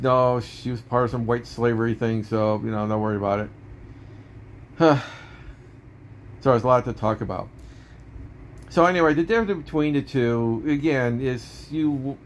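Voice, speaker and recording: A man's voice: mid-range voice, a little hiss or hum. Rambling male movie reviewer. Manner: rambling, self-correcting, with many fillers.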